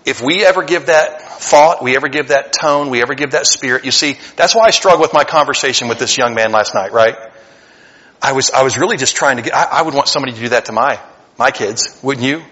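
A pastor preaching a sermon, animated and conversational, swinging between loud emphatic passages and hushed earnest asides. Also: male voice, mid-range voice, fast talker, dull audio. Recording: long hall reverb.

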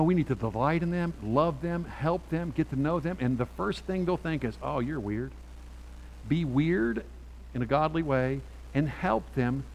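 A man's voice: fairly high pitch, poor audio. Impassioned preaching man. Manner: impassioned, repetitive preaching with rising bursts. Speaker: pastor. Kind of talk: sermon. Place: church sanctuary.

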